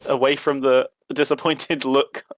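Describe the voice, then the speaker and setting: A man's voice: mid-range voice, level tone, unhurried. A man playing a tabletop game with a dry, wry delivery, who chuckles at his own moves. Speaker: player.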